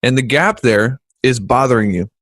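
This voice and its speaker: A man co-hosting a business podcast in a casual, joking chat, animated and quick to poke fun. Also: medium pitch, no echo. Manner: animated, joking, jumps into voices when quoting people. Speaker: podcast co-host.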